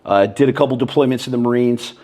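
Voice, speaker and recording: A man in his thirties with a mid-range voice talks at a quick pace as a podcast guest, telling stories in a relaxed, casual interview. He's animated, keeps dropping "bro" and "man," and raises his voice to act out quotes.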